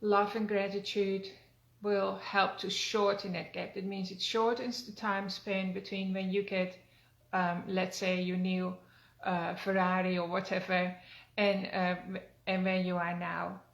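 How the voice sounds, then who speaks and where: Older woman wellness coach, gravelly even voice, earnest and gentle, roomy echo. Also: medium pitch, a little slow. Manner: gentle, earnest, with frequent fillers and restarts. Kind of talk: spoken self-help talk.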